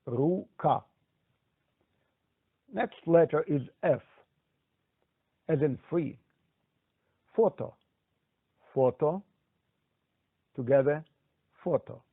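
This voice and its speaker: Man, language teacher, very slow drills, tinny phone-like sound, dry. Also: fairly high pitch, slightly rough, no room sound. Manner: repeats words slowly, prompts learner to repeat.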